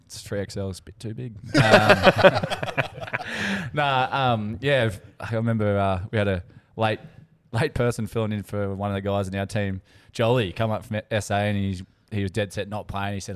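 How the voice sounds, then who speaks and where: A man's voice: fairly low pitch, moderate pace. A man, co-hosting a podcast in casual chat and telling stories full of swearing. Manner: swearing, animated storyteller. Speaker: podcast co-host.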